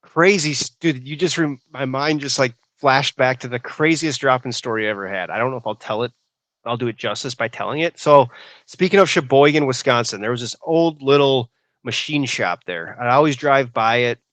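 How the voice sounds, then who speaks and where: A young adult man co-hosting a podcast, telling stories in a casual, animated way and saying "dude" a lot. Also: mid-range voice, normal speed, dry recording. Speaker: podcast co-host. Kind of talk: casual chat.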